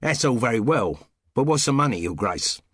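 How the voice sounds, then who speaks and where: A man's voice: medium pitch, big pitch swings, normal speed, a bit bright, slightly rough, dry recording, clean studio sound. A man doing a cheeky Cockney housemaid. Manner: cheeky, chatty, practical. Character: cheeky young cockney housemaid, former music-hall player.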